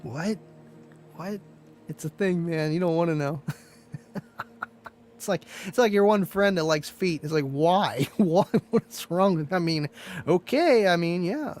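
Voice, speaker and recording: A man's voice: high voice, slow pace. A man hosting a live stream, chatting casually with viewers, laid-back and chatty, laughing often and calling people "man" and "dude".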